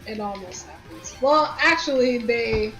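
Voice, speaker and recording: A woman's voice: fairly high pitch, measured pace, highs cut off. A woman chatting with friends while gaming, retelling a movie plot and swearing casually. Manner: animated storyteller, swears casually. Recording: roomy sound with game music.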